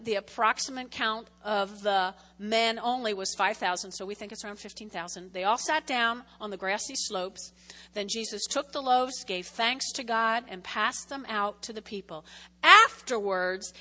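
A woman delivers a casual, conversational sermon, her voice high and bright. She keeps checking in with the congregation as she goes. The sound rings with a long church-hall reverb. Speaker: preacher.

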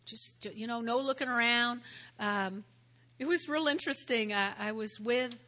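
A woman pastor giving a sermon and altar call, earnest, often repeating her words and turning soft and prayerful. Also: fairly high pitch, moderate pace.

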